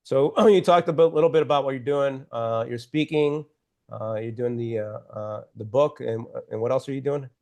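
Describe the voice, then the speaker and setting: A man hosting a podcast in an average-pitched voice. He asks his questions haltingly, full of pauses and fillers, and backs his guest up with quick agreement. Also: a little mellow. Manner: hesitant questions, short agreeing replies. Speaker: podcast host. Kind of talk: casual interview talk.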